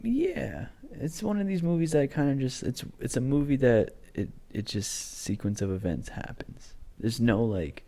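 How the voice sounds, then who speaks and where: A man's voice: mid-range voice, very animated, moderate pace, gravelly, few pauses, warm tone. A man in his twenties co-hosting a podcast, chatting casually and rambling with lots of fillers. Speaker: podcast co-host. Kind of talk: casual chat.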